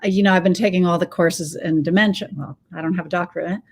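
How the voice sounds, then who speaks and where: A woman's voice: on the low side, steady tone, rapid-fire, husky. A woman hosting a casual interview, chatty and enthusiastic, telling stories from her own life. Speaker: host.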